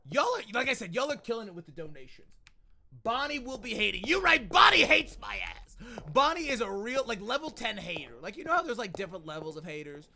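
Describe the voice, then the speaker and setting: A young man chatting casually on a gaming livestream, reacting loudly and thanking viewers for donations. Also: high-pitched, vocal fry. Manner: excitable, loud outbursts, reads out donations. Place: home.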